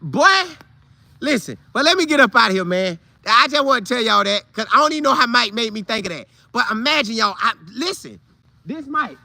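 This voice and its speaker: A man telling a funny old football story casually, with loud sound effects and vivid retelling. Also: high voice, expressive, fairly quick, vocal fry, no echo. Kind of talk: animated storytelling.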